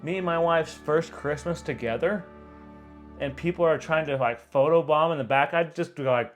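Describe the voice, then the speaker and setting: A man's voice: a little high, lively intonation, normal speed, faint music behind. A young man, a photographer, giving casual reaction commentary, rambling with lots of fillers and frequent laughter.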